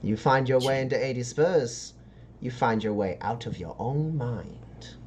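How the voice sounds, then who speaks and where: A man's voice: medium pitch, measured pace, darkish tone, muffled recording, a little hiss or hum, natural voice. A man voicing a sly woman street dealer who talks in wheedling sales patter.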